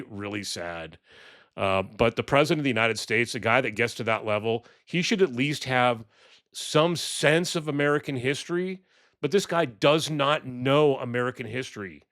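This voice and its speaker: Male vlogger venting political commentary: exasperated, scornful, swearing, halting with fillers, mid-range voice. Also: mid-range voice, fairly bright tone. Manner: exasperated, mocking, swears, many ums and restarts. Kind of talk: ranting political commentary vlog.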